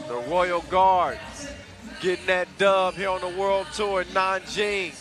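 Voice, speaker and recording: A male sports commentator recapping a dunk contest and previewing the final in a hyped, playful way with casual slang. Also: high voice. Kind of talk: event commentary. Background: music.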